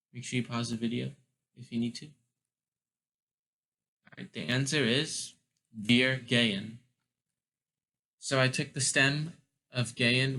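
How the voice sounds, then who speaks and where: A man teaching German verbs in an unhurried, casual lesson. He talks slowly at a middle pitch and stops often with ums and restarts. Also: sharp tone, rough recording. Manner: slow, deliberate, many ums and restarts. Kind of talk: explaining grammar, casual lesson.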